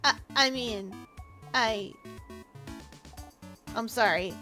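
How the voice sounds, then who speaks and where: A woman voicing a quiet, gentle traveler who speaks in a soft, subdued way. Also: extremely slow, soft background music, full character voice. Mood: soothing. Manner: soft, low-key, subdued.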